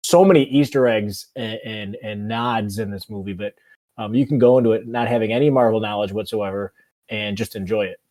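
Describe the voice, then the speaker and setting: A man's voice: fairly low pitch, fairly quick, a little mellow. A man in his thirties co-hosting a movie podcast, rambling in casual chat with many ums. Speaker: podcast co-host.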